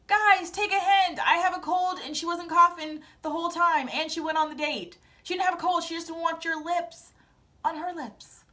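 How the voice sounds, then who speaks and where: A young woman with a high voice chats casually to her camera as a vlogger. Her delivery is sassy, animated and opinionated, full of quick reactions. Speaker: vlogger recapping a TV show. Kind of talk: casual chat.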